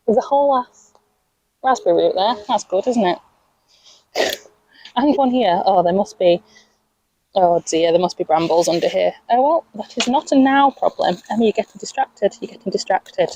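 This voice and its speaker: Mellow husky young woman talking to plants. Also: medium pitch, no echo, poor audio. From England. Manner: chatty, talks to her plants, laughs at herself. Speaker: allotment vlogger. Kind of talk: casual chat while gardening. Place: outdoors at an allotment plot.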